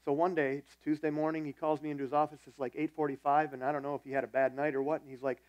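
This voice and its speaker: A man's voice: on the high side, little pitch movement, racing, hardly any pauses, a little mellow, no room sound. A man preaching a sermon as the church's pastor, telling a personal story in a conversational, self-deprecating way.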